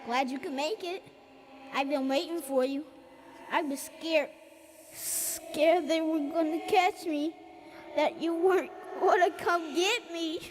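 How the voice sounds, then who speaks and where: An eerie, high childlike ghost voice. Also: male voice, slow. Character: ghostly little boy's voice, eerie and pleading. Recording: long reverb with faint noise in a game.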